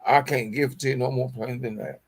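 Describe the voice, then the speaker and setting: A man's voice: medium pitch, fairly even intonation, fairly quick. A middle-aged man hosting a motivational talk show, preachy and repetitive, calling his listeners y'all. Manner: preachy, repeats phrases, addresses audience as y'all. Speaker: show host.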